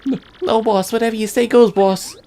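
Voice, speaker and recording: A woman's voice: on the high side, steady tone, moderate pace, warm tone, voice pushed up, close to an everyday voice. A woman voicing a dim, loyal male gangster henchman in a video game, talking in eager, fawning slang.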